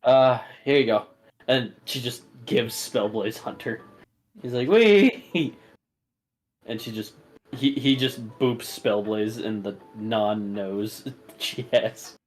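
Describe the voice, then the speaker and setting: A man narrating as game master of a tabletop game, quick and stammering, slipping into put-on voices. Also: fairly low pitch, flat delivery.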